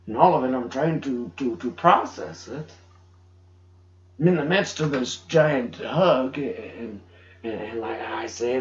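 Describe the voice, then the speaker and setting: A middle-aged man giving an emotional personal testimony, halting and restarting as he speaks. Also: medium pitch, a little hiss or hum. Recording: dull roomy home recording.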